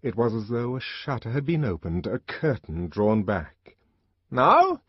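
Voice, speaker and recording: Husky, expressive audiobook narrator. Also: male voice, fairly low pitch, normal speed, no echo. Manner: expressive, dramatic reading. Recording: dull, dry lo-fi recording.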